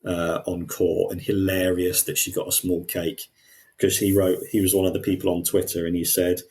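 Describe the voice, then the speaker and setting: Male podcast co-host, deep voice, lively, restarts sentences. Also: moderate pace. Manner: animated, quotes people in put-on voices, frequent restarts. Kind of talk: casual discussion.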